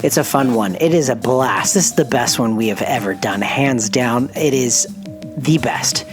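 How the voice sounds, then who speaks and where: A podcast host reading daily space news with playful asides, excitable and prone to getting carried away. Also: medium pitch, normal speed, music in the background.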